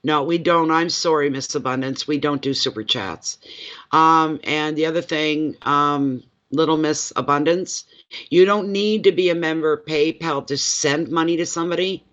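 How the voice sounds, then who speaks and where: Man, tarot reader, livestream host, rambling casual chat, slightly high voice, muffled lo-fi sound. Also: steady tone, normal speed, fairly bright tone. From eastern Canada. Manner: chatty, rambling, laughs easily. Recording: dull lo-fi livestream audio.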